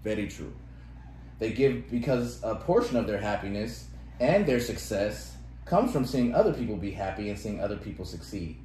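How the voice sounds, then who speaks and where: A man's voice: on the low side, expressive, normal speed, dark tone. A man co-hosting a podcast, chatting casually and laughing often as he reads phrases aloud. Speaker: podcast co-host. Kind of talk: casual chat. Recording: echoey room with faint noise.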